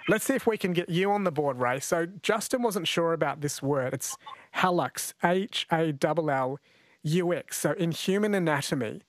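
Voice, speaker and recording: A man's voice: on the high side, lively intonation, moderate pace, no room sound. Chatty Australian male radio host. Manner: chatty, jokey, laughs often. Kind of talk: radio talk show hosting. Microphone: studio mic.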